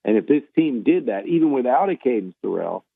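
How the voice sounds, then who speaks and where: A man's voice: medium pitch, very animated, a little fast, gravelly, slightly rough, no echo. Man talking baseball over a tinny phone line. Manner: rambling, repeats and restarts himself. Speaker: baseball analyst. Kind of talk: casual sports talk.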